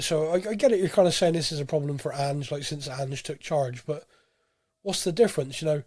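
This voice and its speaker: Male podcast host, slightly high voice, dry close sound, rambling and animated delivery. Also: fast talker, no echo. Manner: animated, rambling, frequent restarts. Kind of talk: casual fan podcast chat.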